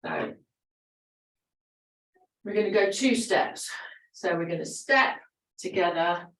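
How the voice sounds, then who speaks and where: A woman's voice: on the low side, animated, slow, fairly bright tone, distant mic. Chatty woman leading an exercise class. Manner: encouraging, chatty, laughs often. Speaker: fitness instructor. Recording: roomy echo, voice from away from the mic.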